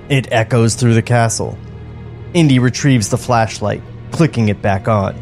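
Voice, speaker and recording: A man co-hosting a comedy podcast, reading screenplay narration aloud and breaking off into incredulous rants. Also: medium pitch. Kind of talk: comedic table read narration.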